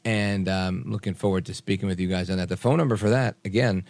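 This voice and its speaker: A man hosting a late-night talk radio show, animated and opinionated with quick asides. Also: low-pitched, no echo. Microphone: studio microphone.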